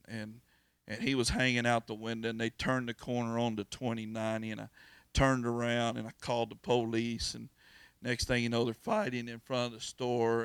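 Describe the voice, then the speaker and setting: A man's voice: medium pitch, clear, resonant tone, no room sound. A man, preaching in a folksy, earnest way and telling a personal story. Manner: folksy, earnest, repeats words and restarts. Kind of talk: informal storytelling sermon.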